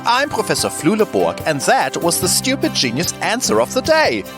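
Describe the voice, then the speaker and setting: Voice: medium pitch, huge pitch swings, normal speed. A performer voicing a quirky know-it-all professor who explains a science question in a lecturing, mock-scholarly way, over a music bed. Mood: explaining. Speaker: segment presenter.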